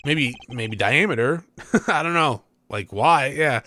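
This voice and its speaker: A man's voice: medium pitch, lively intonation, slow pace, bright, forceful tone. A young man rambling casually as he comments on a video game he is playing, laughing and correcting himself. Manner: chatty, rambling asides with laughs and self-corrections. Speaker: let's play host.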